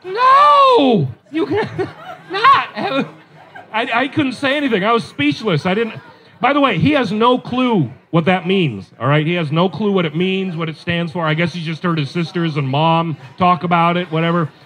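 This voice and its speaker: A middle-aged man telling family stories in a stand-up comedy set at a local brewery, animated and self-deprecating. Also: high-pitched, a little fast, low-quality recording. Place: live show at a local brewery.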